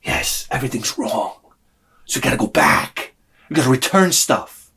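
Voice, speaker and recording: A man's voice: mid-range voice, very animated, moderate pace, gravelly, pushed and bright, breathy edge. A man telling an exasperated, profane story in a sarcastic comic rant on his vlog. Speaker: vlogger.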